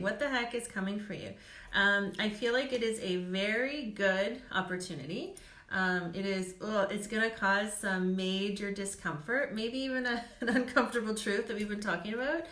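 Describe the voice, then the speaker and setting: A woman's voice: medium pitch, a bit bright. A woman reads cards live for her viewers, chatty and reassuring, with frequent little laughs and "um"s. Her voice sits mid-range and rings in an echoey room, picked up by a webcam mic. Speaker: psychic reader. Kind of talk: live-streamed card readings.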